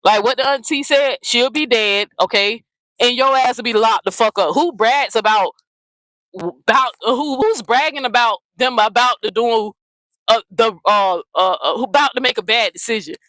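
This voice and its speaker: A woman's voice: on the high side, moderate pace, a bit bright, no echo, poor audio. A woman hosting a commentary channel, ranting bluntly and profanely, often repeating herself. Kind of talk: heated casual commentary rant.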